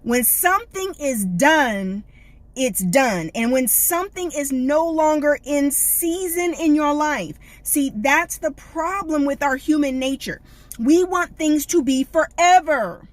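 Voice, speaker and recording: A high-voiced woman hosts a live motivational stream at an unhurried pace. She talks in a folksy, sassy way and builds her points through preacher-like repetition. She also greets her viewers one by one by name. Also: lively intonation, no room sound. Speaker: life coach hosting a live stream.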